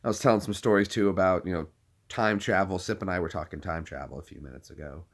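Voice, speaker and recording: A man's voice: sits low, fast, creaky. A man in his thirties chatting casually to a live-stream audience, rambling and joking. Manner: rambling, jokey, puts on silly voices.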